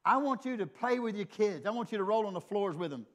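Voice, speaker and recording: A man's voice: sits high, lively intonation, fast talker. An older man preaching a sermon, telling a personal story in an earnest, conversational way.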